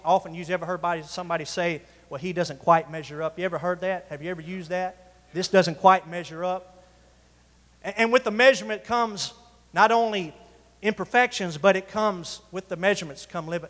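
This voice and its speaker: Guy preaching to the congregation, high voice, drawn-out emphasis, church reverb. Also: a bit bright. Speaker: pastor. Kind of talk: sermon. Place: church sanctuary.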